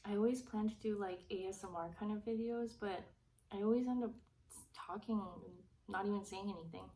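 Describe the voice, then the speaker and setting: A woman vlogger chatting casually during a mukbang, soft-spoken and rambling, pausing between bites. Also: mid-range voice, steady tone. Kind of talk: casual chat while eating. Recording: slightly distant mic with faint hiss.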